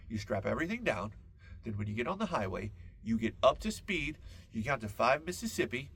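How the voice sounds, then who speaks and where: A man hosting a podcast, telling a rambling comic story full of absurd tangents and deadpan asides. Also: mid-range voice, vocal fry, slight background noise. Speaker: podcast host. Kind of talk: comedic podcast monologue.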